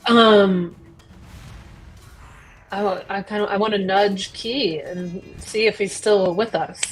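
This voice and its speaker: Slow, hesitant woman player. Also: mid-range voice, steady tone. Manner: hesitant, asking rule questions. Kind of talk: casual tabletop game talk. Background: soft fantasy music.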